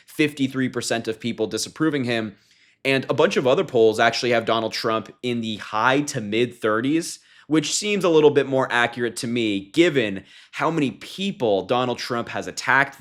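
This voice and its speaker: A young man giving emphatic political commentary, laughing often. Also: medium pitch.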